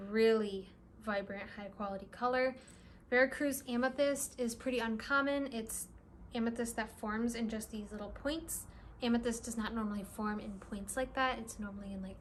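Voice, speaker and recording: A young woman who runs a crystal shop, talking through her purchases in a casual, excitable vlog with lots of "like" and "really, really". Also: on the high side, a little hiss or hum. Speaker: crystal shop owner and vlogger. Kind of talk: casual show-and-tell vlog.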